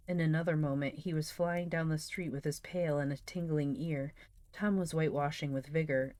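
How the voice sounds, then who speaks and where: Low-voiced woman reading a novel aloud. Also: dry recording. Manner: steady, measured narration with chatty asides to viewers. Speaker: live-stream reader. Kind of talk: reading a classic novel aloud on a live stream.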